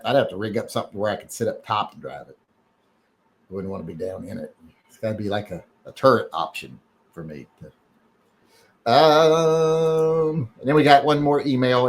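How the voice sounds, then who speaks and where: A man's voice: medium pitch, a bit bright. A man hosting a casual live stream, reading emails and chat, rambling and joking with many fillers and restarts.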